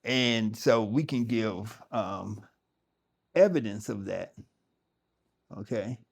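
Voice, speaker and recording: A man's voice: fairly low pitch, takes it slowly, gravelly, slightly rough. Emphatic, conversational man teaching yoga. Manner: conversational, emphatic, with frequent restarts. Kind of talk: spoken talk to a yoga audience.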